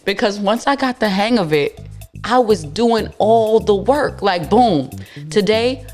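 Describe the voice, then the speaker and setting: A young woman hosts a podcast and tells a wild story in a blunt, slangy voice. Her pitch swings widely, but she takes her time. Faint music plays under her voice. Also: expressive, measured pace, a little mellow. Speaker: podcast host. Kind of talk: casual storytelling monologue.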